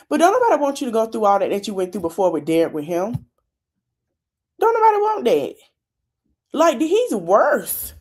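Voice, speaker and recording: Woman podcast host, casual recap, chatty storytelling, mid-pitched voice. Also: dark tone. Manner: chatty storytelling, retelling dialogue with commentary. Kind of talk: casual reality show recap.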